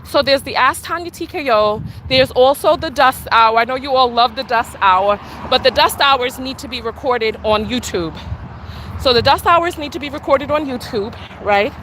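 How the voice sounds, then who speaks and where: Female vlogger, breathless from walking, sassy and quick to laugh, bright and forceful voice, light outdoor street noise behind her. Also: fairly high pitch. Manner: sassy, laughing, talks back to commenters. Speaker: vlogger and podcast host. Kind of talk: casual live-stream chat while walking. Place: outdoors on a walk. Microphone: handheld camera while walking.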